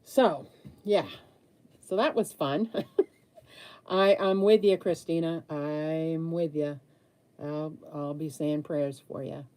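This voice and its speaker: A woman's voice: sits low, fairly even intonation, slow pace, long pauses, mellow. A woman in her sixties, chatting candidly with viewers while she paints during a live stream. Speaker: livestream host answering viewer comments.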